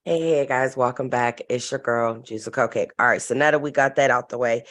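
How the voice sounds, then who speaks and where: A woman's voice: a bass voice, a little fast. A young adult woman hosting her own vlog, giving chatty, direct gossip commentary with plenty of slang. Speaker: vlog host.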